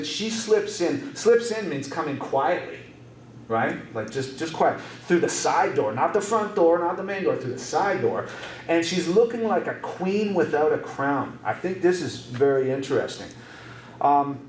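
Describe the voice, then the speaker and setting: A man's voice: a little high, a little mellow, slight background noise. A man teaching an English class, explaining song lyrics in a repetitive way and checking in with rhetorical questions. His voice is recorded in an echoey room from a distant mic.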